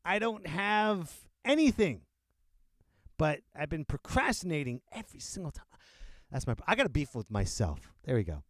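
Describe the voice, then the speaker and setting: A man's voice: on the high side, normal speed, dry recording. Dude ranting on his podcast, jokey, voice bouncing all over, close dry mic. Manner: animated, joking, laughs often. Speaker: podcast host. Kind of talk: unscripted comedic rant. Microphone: close podcast microphone.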